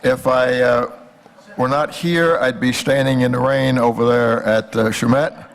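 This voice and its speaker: Gravelly older man giving a folksy lecture. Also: medium pitch, steady tone, a little slow. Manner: folksy, hesitant with many fillers. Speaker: guest speaker, historian. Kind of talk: lecture with jokes.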